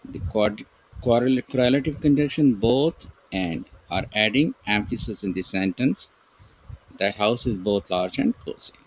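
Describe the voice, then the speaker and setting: Man, grammar teacher, husky voice, lowish pitch, slow deliberate example sentences. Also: rough recording. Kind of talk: grammar lesson.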